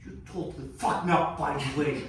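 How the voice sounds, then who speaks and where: Guy acting cocky rattled young dude, high voice, swears nonstop, rambles, heard from across a boomy room. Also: a little fast, heavy background noise, lightly acted. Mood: agitated rant. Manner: profane, rambling, restless. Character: cocky, rattled young man ranting about family. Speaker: stage actor performing a monologue. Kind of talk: theatrical monologue. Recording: echoey room, mic far off.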